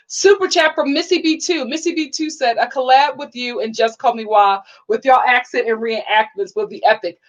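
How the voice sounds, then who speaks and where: A young woman hosting a casual livestream, chatty and bubbly, full of "like" fillers and sudden excited high exclamations. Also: normal speed, few pauses, low-quality recording. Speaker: YouTube reality-TV reviewer reading live chat.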